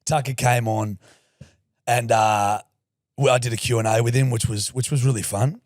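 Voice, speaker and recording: A young adult man with an Australian accent, co-hosting a podcast and telling crude, jokey stories in a loud, lively voice. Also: medium pitch, normal speed, no echo, clean studio sound. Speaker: podcast co-host. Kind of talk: casual chat.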